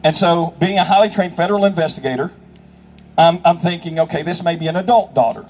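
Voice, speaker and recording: A man's voice: on the high side, steady tone, fast talker, darkish tone, a little hiss or hum, low-quality recording. A middle-aged man, a federal investigator, telling emphatic anecdotes to a live audience and acting out the people in them. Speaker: federal investigator speaking on child safety. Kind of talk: storytelling speech to a live audience.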